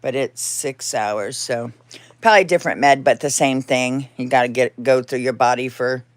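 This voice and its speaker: A woman with a bass voice hosts a casual live chat from home at a moderate pace on a dry recording. She rambles chattily and laughs often, and now and then coos baby talk at her cat.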